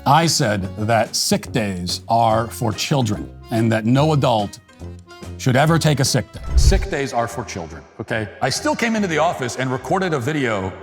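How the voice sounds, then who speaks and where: Middle-aged male host, dry mock-apology sarcasm, average pitch, faint music bed. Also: normal speed, slightly rough. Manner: deadpan mock-apologetic sarcasm, bursts of mock shouting. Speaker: commentary host. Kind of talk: sarcastic monologue to camera.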